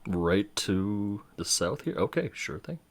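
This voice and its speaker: A man with a deep, low voice narrates a tabletop game as game master. He explains in a relaxed, friendly way over an online call. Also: slow.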